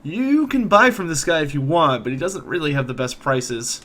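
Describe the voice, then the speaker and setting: A man's voice: on the high side, expressive, normal speed, a bit bright. A man voicing a friendly, grateful reformed thief in a tabletop game, in an easygoing, chatty manner.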